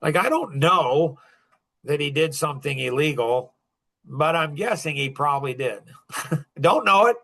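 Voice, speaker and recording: Guy coaching a group, high bright voice, blunt and scolding. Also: expressive, measured pace. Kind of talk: lecturing a group.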